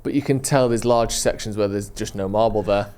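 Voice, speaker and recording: An English man co-hosting a comedy podcast rambles enthusiastically through travel stories in casual chat. His voice is lowish and darkish in tone, steady, and a little fast.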